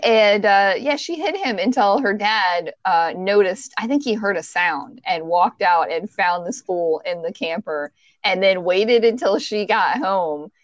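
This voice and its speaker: A woman co-hosting a casual chat. She tells a story with energy, swears freely and acts out the lines she quotes in a loud voice. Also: mid-range voice, expressive, a little slow, no echo, dull audio.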